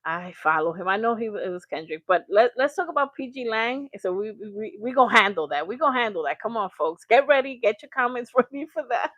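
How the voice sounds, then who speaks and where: A woman hosting a live reaction stream, speaking with emphasis and shouting out her viewers by name. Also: on the high side, animated, a little fast, few pauses, dry recording. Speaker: livestream host.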